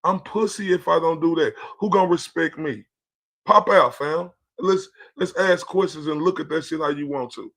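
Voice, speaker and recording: Here is a man, talking to his stream in a combative, taunting way. His voice sits a little high and has a gravelly grain. He swears freely as he rants. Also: moderate pace, fairly bright tone. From Texas. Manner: profane, confrontational, taunting. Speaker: streamer reacting to clips. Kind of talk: heated reaction livestream rant.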